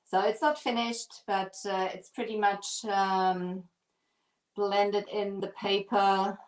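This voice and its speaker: A woman who owns a craft shop hosts a casual live stream, chatting while she works and thanking viewers by name. Her voice is medium in pitch, slow, and fairly flat, and she sounds out of breath.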